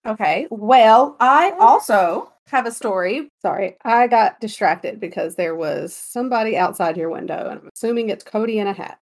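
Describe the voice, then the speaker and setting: Lively, giggly woman podcast co-host. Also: medium pitch, normal speed, few pauses. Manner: animated, giggly, bossy storyteller. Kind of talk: casual chat.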